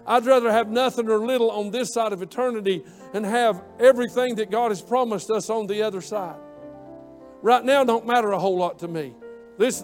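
Male preacher, high-pitched, impassioned and repetitive delivery, faint music behind. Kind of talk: sermon.

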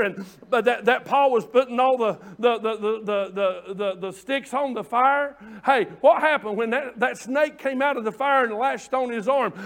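A man preaches, his voice sitting unusually high for a man. He delivers a fervent sermon, building to shouts and pulling his listeners in with call-and-response.

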